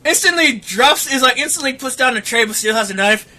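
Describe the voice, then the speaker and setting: A young man co-hosting a casual podcast, telling a story with lots of swearing and acting out the quotes in an animated way. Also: extremely high pitch, brisk. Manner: animated, profane, acts out quotes. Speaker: podcast co-host.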